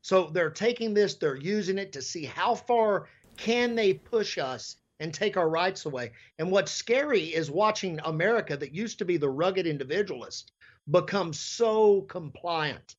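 A man's voice: high-pitched, lively intonation, measured pace, highs cut off. A man, a pastor, speaking as an interview guest in a fiery, sermon-like way.

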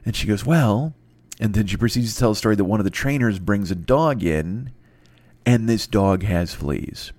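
A middle-aged man telling a rambling, profane story in a casual, excitable way as a podcast host, close to the mic. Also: lowish voice, normal speed, no echo.

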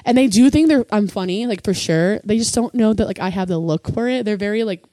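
A young woman comedian in casual podcast chat, talking fast with lots of "like" and frequent laughter. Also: mid-range voice, mellow, dry recording. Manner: chatty, laughs often, lots of "like".

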